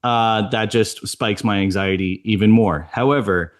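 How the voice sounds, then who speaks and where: A man's voice: fairly low pitch, steady tone, unhurried. A man co-hosting a podcast, telling a chatty story and laughing often. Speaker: podcast co-host. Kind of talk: casual chat.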